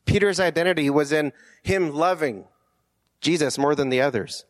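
A man's voice: a little high, moderate pace. A man preaching a conversational sermon, earnest, with rhetorical questions and frequent restarts.

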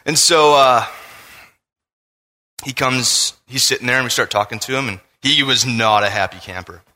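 A man preaching a casual, animated sermon, telling a personal story. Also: mid-range voice, moderate pace. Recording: long reverb of a large room.

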